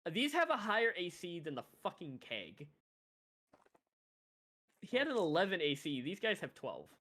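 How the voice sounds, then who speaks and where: A man's voice: sits high, huge pitch swings, normal speed, bright, forceful tone. A man running a tabletop game as game master, narrating casually with chuckles and hesitant fillers.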